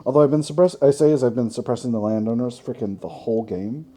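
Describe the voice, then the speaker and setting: Guy doing strategy game commentary, super dark mellow voice, kinda husky, rambles and jokes at himself. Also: mid-range voice, fast talker. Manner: chatty, thinks aloud, wry self-mocking asides. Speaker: gaming channel host.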